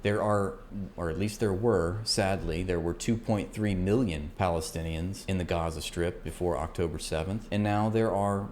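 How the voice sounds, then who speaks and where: A man's voice: deep voice, normal speed, a little mellow, slight background noise. A young man giving a heated political rant in a combative, sarcastic and profane way. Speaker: political commentator.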